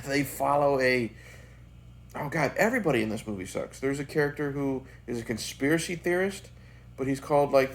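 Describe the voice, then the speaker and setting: A man giving a casual, profane and blunt review of a bad movie as the host of his channel. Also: mid-range voice.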